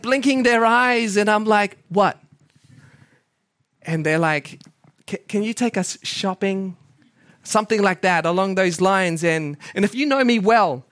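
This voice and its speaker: A young man with a high voice gives a relaxed, story-filled church talk. He is chatty and pokes fun at himself, and he often turns to the congregation with questions. The sound is close and dry, with no room echo. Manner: chatty, self-mocking, asks the congregation questions. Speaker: church speaker. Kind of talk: casual storytelling sermon.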